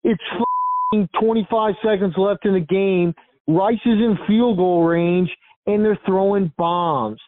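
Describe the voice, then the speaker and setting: A man's voice: high voice, wildly swooping pitch, a little slow, narrow, tinny audio. Furious swearing man on a phone voicemail. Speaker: voicemail caller.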